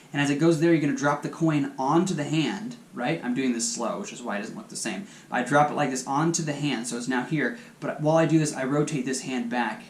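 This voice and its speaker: A man hosting a magic channel, chatting casually and talking viewers step by step through hand moves. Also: on the high side. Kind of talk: casual video tutorial. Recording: echoey room.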